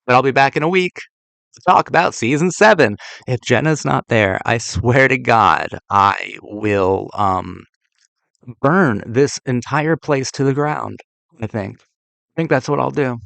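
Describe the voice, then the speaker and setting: A man's voice: mid-range voice, unhurried, vocal fry, fairly bright tone, no echo. A man hosting a video essay who talks about television bluntly, with an exasperated tone and frequent fillers and restarts. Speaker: TV critic and channel host.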